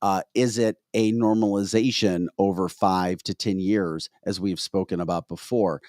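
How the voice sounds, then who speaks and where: A man's voice: sits low, steady tone, normal speed, darkish tone, no echo, studio quality. A man hosting a casual political talk show, talking animatedly and reading out viewer comments. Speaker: host.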